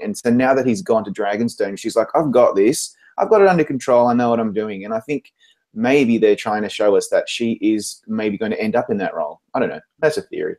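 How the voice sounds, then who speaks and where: Low-voiced, enthusiastic male panelist. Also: a little mellow. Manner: enthusiastic, talks in long flowing stretches with "um" fillers. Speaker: entertainment writer on a recap panel. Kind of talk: casual panel discussion.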